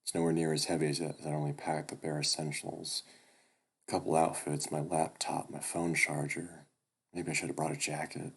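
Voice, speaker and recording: A man's voice: rumbling low, level tone, brisk, creaky, slightly rough. A man reading a visual novel aloud with wry, swearing asides. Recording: loud background music.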